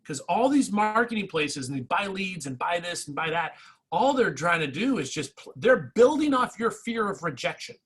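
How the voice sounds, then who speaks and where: A man giving a motivational real estate coaching talk, energetic and repetitive, speaking straight to his agents. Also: sits high, normal speed, breathy edge, low-quality recording. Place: training session.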